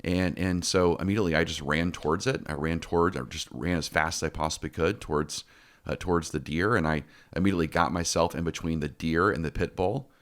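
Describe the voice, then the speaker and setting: A man with a very low voice tells stories on a podcast, circling back and repeating himself as he goes. He is middle-aged and talks in a loose, chatty way. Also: brisk, a bit bright. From Texas. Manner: storytelling with many restarts and repeated words. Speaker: podcast host. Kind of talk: casual podcast chat.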